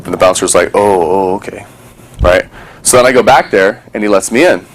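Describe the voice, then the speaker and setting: A man's voice: on the low side, lively intonation, quick pace. A man talking casually to a small group, telling a story and acting out other people's voices, swearing freely.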